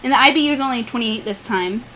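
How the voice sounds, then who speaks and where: A woman's voice: on the high side, fast talker, a crowd in the background. A woman co-hosting a podcast, chatting casually and laughing easily while tasting beer. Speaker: podcast co-host.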